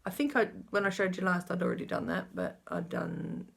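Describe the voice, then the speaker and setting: Woman, husky raspy voice, casual hobby vlog chat, self-correcting and rambling. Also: on the low side, wildly swooping pitch, brisk. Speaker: flosstube host. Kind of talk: casual show-and-tell of stitching projects.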